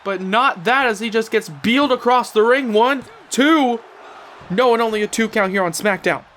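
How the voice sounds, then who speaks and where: A young man giving excitable play-by-play commentary on a wrestling video game, breaking into shouts at big moves. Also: high-pitched, moderate pace, slight background noise.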